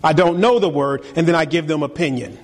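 A middle-aged man preaching a sermon as pastor, animated and teasing, calling on the congregation for amen. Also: a little high, brisk. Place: church sanctuary. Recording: long reverb of a hall.

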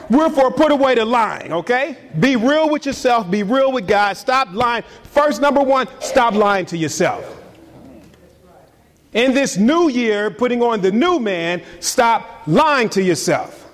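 A man preaching a sermon as pastor, animated and often repeating words as he builds his point, in a church. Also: very high voice, takes it slowly.

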